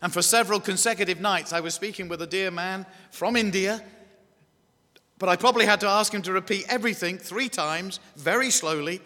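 An English-accented man preaches with a high, bright, forceful voice. He stresses his words, repeats them and keeps asking the congregation questions. A long reverb rings through the hall around him. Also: brisk. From England. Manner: emphatic, repeats key phrases, asks the congregation questions. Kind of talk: evangelistic sermon. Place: church hall.

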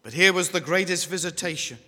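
A man's voice: high voice, a little fast, pushed and bright. A man with an English accent preaching a sermon, repeating key phrases and putting questions to his listeners. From England. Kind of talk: evangelistic sermon. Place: church hall. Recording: echoey hall with long reverb.

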